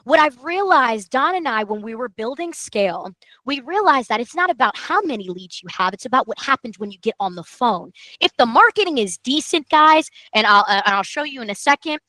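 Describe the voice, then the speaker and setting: A high-pitched woman runs a sales training, her voice swooping all over as she stresses every point. Her tone is bright and energetic. The sound is close and dry. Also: brisk, hardly any pauses, no room sound, poor audio. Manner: emphatic, excitable, repeats for emphasis. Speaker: marketing coach host.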